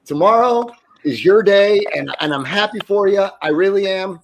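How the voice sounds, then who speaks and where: A man with a gravelly, slightly high voice vents his frustration in a profane, stammering rant. He talks over a video call, and a faint hiss of noise sits behind him. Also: normal speed. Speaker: panelist on a sports talk show. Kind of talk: casual ranting chat.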